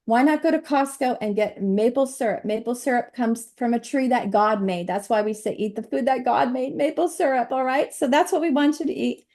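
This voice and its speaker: A middle-aged woman giving a chatty, animated nutrition presentation over slides, laughing often. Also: fairly high pitch, a little fast, few pauses.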